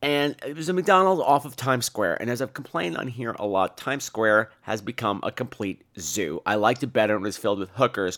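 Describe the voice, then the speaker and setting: A man hosting a podcast, telling a funny, profane story in an animated way. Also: medium pitch. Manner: animated, profane, jumps between voices. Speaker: podcast host. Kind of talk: comic storytelling.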